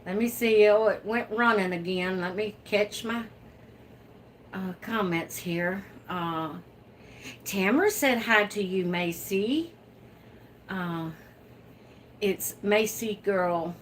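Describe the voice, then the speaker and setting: A woman's voice: medium pitch, slow, pauses often, slight background noise. A woman hosting her own livestream from home, chatting casually and laughing often as she reads out viewer comments. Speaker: livestream host. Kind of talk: casual live chat reading viewer comments.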